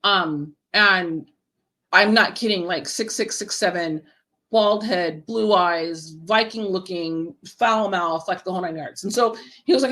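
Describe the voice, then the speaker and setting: A woman telling a lively personal story as a podcast guest, swearing freely and acting out what people said. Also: on the low side, a little slow. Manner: animated, profane, acts out quoted dialogue. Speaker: guest, horror writer and event creator. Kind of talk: casual storytelling in a podcast interview.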